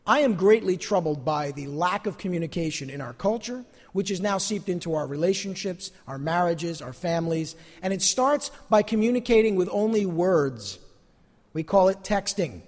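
Male pastor, sermon, lively swooping delivery, long hall reverb. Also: high-pitched. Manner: earnest, animated preaching with emphatic repetitions.

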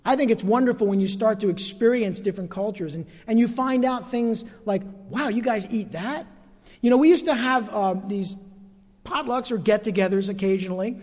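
A man's voice: high-pitched, a little mellow. A man preaching a sermon as pastor from the pulpit of a church sanctuary, emphatic, stretching key phrases and asking the congregation for amens. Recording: long hall reverb.

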